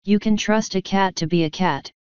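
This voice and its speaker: A woman voicing a gruff, blustering old male rat leader who growls his words slowly. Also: medium pitch, no echo, lo-fi sound, close to an everyday voice. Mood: grumpy. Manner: growling, slow and grumpy.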